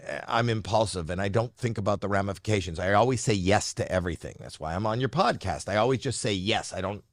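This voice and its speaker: A man's voice: fairly low pitch, fast, dry recording, clean studio sound. A middle-aged comedian telling a story as a podcast guest, rambling and playful, often breaking off his own sentences. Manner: rambling, self-interrupting, playful. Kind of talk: casual storytelling.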